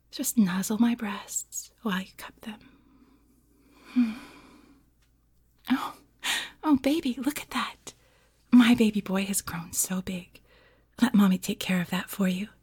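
A doting, motherly lover soothes in a soft, cooing whisper, played by a woman in whispered role-play. The voice is husky and a little gravelly. The sound is dry and intimate. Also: mid-range voice, dry recording, exaggerated voice.

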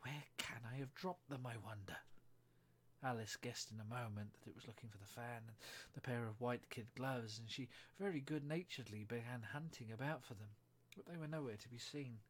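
Husky-voiced man reading a storybook aloud. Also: medium pitch, brisk. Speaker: reader.

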